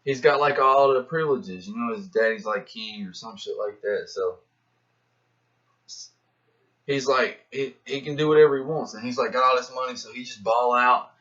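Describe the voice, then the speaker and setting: A man drifts through a loose philosophical monologue, slangy and full of swearing, and grows animated as he plays out the voices in his head. His voice sits at an ordinary middle pitch. The recording is dull and lo-fi. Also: normal speed. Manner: profane, slangy, animated, acts out inner voices. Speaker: rapper musing to camera. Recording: dull lo-fi sound.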